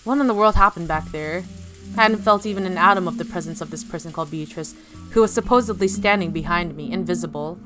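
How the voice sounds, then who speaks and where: A woman's voice: fairly low pitch, fast talker, music in the background. Giggly woman streamer reading aloud. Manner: giggly, self-correcting, chatty asides.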